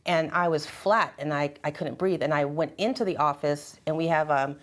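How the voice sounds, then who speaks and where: A woman in a group conversation at her church, telling a personal story with animated, emotional delivery and acting out dialogue. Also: sits low, moderate pace. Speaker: church member sharing experiences.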